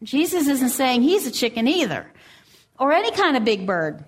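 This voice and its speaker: Woman giving a sermon, gentle earnest storyteller, reads scripture. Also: high-pitched, big pitch swings, normal speed, slightly rough. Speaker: preacher.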